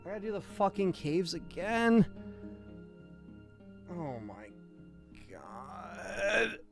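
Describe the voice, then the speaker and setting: A young man streaming a game live, ranting to his chat with an animated pitch that jumps around. He swears freely and sounds exasperated, with faint game music underneath. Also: very slow, vocal fry. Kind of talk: live gameplay stream commentary.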